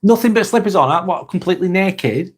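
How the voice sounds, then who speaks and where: A man's voice: high voice, animated, fairly quick, slightly rough. An English man with a voice sitting a touch above the usual male range hosts a loose live chat. He reads out viewer comments and fires back bluntly, laughing easily and swearing without a second thought. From England. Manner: blunt and jokey, swears freely, chuckles often. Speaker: live stream host.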